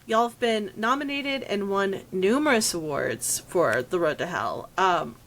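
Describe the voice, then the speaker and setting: A woman's voice: mid-range voice, lively intonation, a little slow, a bit bright, slight background noise, poor audio. A woman hosting a casual podcast chat, easygoing and self-deprecating, asking her guests questions. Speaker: podcast host.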